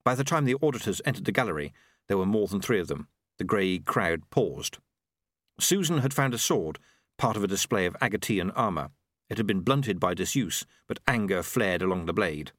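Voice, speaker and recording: A man narrating an audiobook with lively, expressive storytelling. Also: sits low, normal speed, dry recording, studio quality. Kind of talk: scripted narration.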